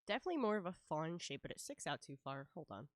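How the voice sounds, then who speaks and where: Stuffy-nosed woman streamer, low-ish voice, dry sound, chatty and giggly while she draws. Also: big pitch swings, fast talker, dry recording. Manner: chatty, laughs often, lots of "like". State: stuffy nose. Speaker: live-streaming artist. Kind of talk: casual chat while drawing.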